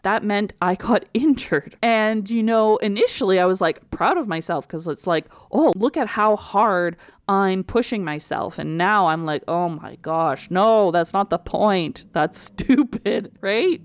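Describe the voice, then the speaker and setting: Smooth-voiced woman gently coaching. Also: medium pitch, no room sound, clean studio sound. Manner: gentle, reassuring, conversational with quoted self-talk. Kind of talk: instructional talk to camera.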